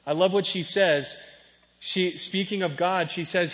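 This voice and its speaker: A man preaching a lively sermon, joking and firing questions at his audience. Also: sits high, a little slow. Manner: playful, jokey, asks the audience questions. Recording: dull sound in a reverberant hall.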